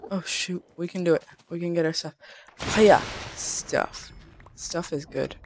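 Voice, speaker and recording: A woman's voice: on the low side, unhurried, background noise. A woman hosting a let's play, giving jittery gameplay commentary, exclaiming often and talking to her viewers.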